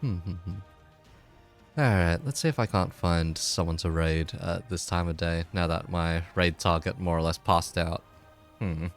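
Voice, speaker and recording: A man's voice: low-pitched, measured pace, faint music behind. A man hosting a live stream, chatting casually with dry, amused reactions. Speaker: streamer host.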